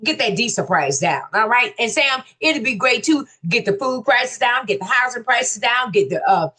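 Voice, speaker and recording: A woman hosts a casual commentary show. Her voice sits fairly high and swings up and down. She reads out viewer comments and answers them in a folksy, teasing way. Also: moderate pace, breathy edge. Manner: animated, folksy, exclaims "ooh" and teases commenters. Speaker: host reading viewer comments.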